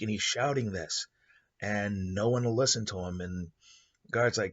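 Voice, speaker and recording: A man's voice: on the low side, normal speed, dull audio. A man hosting a show, improvising a story in a rambling way with many fillers. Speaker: host.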